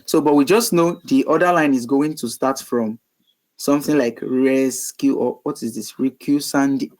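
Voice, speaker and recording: A man walks through web code in a screen-recorded lesson, talking casually as he types. He thinks aloud, pauses on ums and corrects himself as he goes. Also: mid-range voice, steady tone, darkish tone, low-quality recording. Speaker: web development tutor. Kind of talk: screen-recorded coding tutorial.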